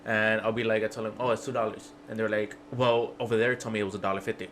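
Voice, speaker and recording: A man's voice: lowish voice, flat delivery, fast, fairly bright tone, slight background noise. A man on a podcast as a guest, telling a casual, profane work story that keeps breaking into laughter. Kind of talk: casual chat.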